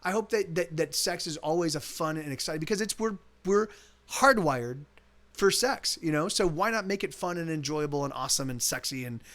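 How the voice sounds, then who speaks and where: A man's voice: a little high, animated, brisk, a bit bright. A man who streams his own music live, talking casually and rambling between songs, often restarting his sentences and swearing freely.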